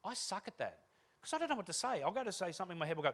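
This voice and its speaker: Fast-talking man telling stories on stage. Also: high voice, gravelly. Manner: animated, self-deprecating anecdotes with acted-out dialogue. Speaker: keynote speaker. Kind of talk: humorous keynote storytelling.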